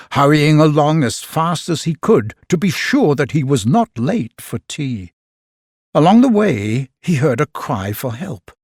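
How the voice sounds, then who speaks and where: A man narrating a children's storybook in an expressive, unhurried way. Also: fairly high pitch, breathy edge, dry recording, studio quality.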